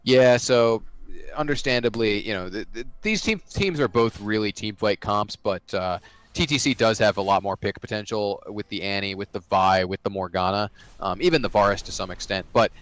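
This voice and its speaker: A man's voice: fairly low pitch, moderate pace, a bit bright, no echo. A man giving analytical color commentary on an esports match, with many fillers and restarts.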